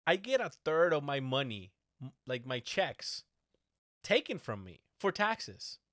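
Ranting, foul-mouthed man with a bright voice. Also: a little high, unhurried, no room sound, clean studio sound. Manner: animated, swears a lot, ranting. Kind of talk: casual chat.

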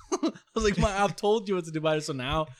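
A man's voice: on the high side, quick pace. A young man chatting casually, swearing freely and acting out arguments with his mother. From born outside the US. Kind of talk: casual chat.

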